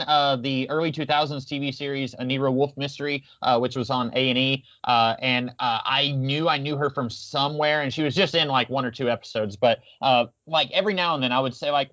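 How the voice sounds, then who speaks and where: A man chats casually on a podcast, pitched in the middle, with a steady stream of ums and uhs. His audio sounds a little muffled and lo-fi. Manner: chatty, many fillers, quotes lines in character. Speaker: podcast co-host. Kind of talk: casual film discussion.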